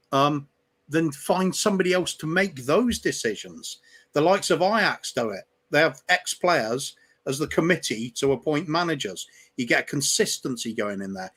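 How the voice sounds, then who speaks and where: A man co-hosting a live football fan show, giving measured, opinionated analysis. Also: a little high. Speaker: co-host. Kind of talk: casual fan chat.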